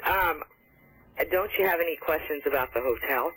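A woman's voice: deep voice, moderate pace, a bit bright, breathy edge. A woman working as a hotel reservations clerk on a phone call, polite and trying to stay professional while giggling. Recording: tinny phone line.

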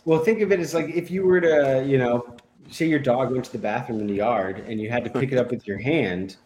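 A man's voice: medium pitch, fairly quick, darkish tone, slight background noise. A man appearing as a guest on a radio show, chatty and often laughing as he talks through news stories. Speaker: guest editor. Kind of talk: casual radio chat.

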